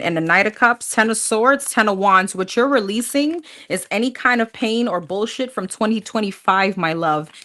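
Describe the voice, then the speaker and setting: A woman's voice: mid-range voice, a bit bright. A woman doing a live tarot reading, talking bluntly and casually, swearing freely and calling her viewers honey. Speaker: tarot reader.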